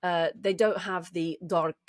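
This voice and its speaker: A woman's voice: fairly low pitch, fairly even intonation, measured pace, no room sound, studio quality. A woman co-hosting a podcast and talking casually about voice acting, with lots of restarts. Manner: chatty, many restarts, explains with enthusiasm. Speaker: podcast co-host and voice actor. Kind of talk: casual chat.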